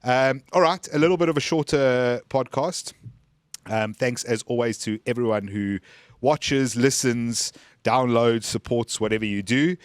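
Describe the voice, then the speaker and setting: A man's voice: mid-range voice, a little slow, clean tone, no room sound. A man co-hosting a political podcast, blunt and opinionated, with dry jokes. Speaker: podcast co-host. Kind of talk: casual political chat.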